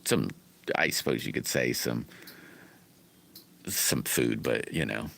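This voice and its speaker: A man's voice: rumbling low, slow, gravelly, a bit bright. A middle-aged man, rambling in a folksy way as he hosts a casual livestream and greets viewers by name. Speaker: livestream host chatting with viewers.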